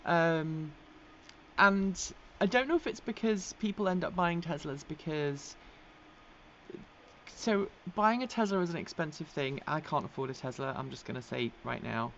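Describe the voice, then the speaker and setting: A woman's voice: low voice, moderate pace, fairly bright tone. A chatty English woman hosts a casual live stream, rambling with plenty of ums and easy laughter. Her accent now and then slips toward American. The sound is a little dull, with faint noise in the background. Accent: English, with occasional American slips. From England. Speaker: host of an electric vehicle news live stream. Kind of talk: casual live-stream chat, reading viewer comments.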